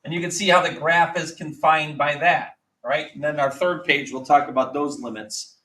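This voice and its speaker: A man teaching a math lesson to a class, quizzing students with quick repeated questions. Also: fairly high pitch, fairly even intonation, sharp tone, a little hiss or hum. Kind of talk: classroom lecture. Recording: echoey classroom, mic at a distance.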